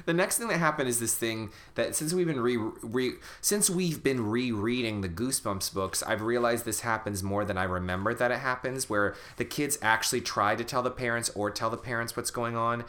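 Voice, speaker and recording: A man's voice: mid-range voice, moderate pace, hardly any pauses, fairly bright tone. A man co-hosting a podcast, chatting loosely and wryly about a book series. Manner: chatty, wry, loose asides. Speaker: podcast co-host. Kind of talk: casual book recap chat.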